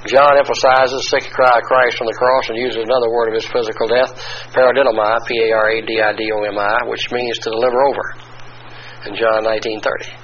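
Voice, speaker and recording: A male preacher working through scripture in a measured teaching sermon, stopping to spell out Greek terms one letter at a time. The recording is muffled and lo-fi, with a faint hiss underneath. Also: mid-range voice, little pitch movement, a bit bright. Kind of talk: expository Bible teaching sermon.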